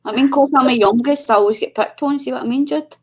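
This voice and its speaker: A chatty, giggly woman co-hosts a casual craft livestream over a video call, mimicking voices as she talks. Her voice sits high and her pace is quick.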